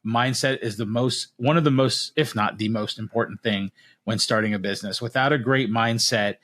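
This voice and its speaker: Male podcast host, easygoing closer, middle pitch, plain conversational delivery. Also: moderate pace. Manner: friendly, relaxed wrap-up with fillers. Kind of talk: podcast interview.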